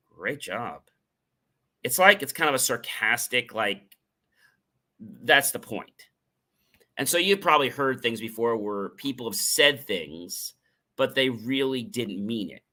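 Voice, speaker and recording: A man, middle-aged, hosts a motivational talk show in a sharp, ringing voice. He talks with energy and repeats key phrases for emphasis. He sometimes slips into acted examples of different tones of voice. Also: mid-range voice. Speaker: show host.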